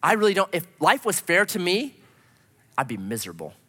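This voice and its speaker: A man preaching a sermon as a pastor, animated and full of rhetorical questions. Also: high voice, a little fast, long reverb tail.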